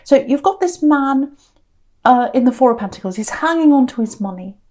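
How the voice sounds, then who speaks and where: A woman giving a casual tarot reading to camera, musing aloud with frequent restarts and a soft, confiding way of talking. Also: sits high, animated, moderate pace. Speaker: tarot reader.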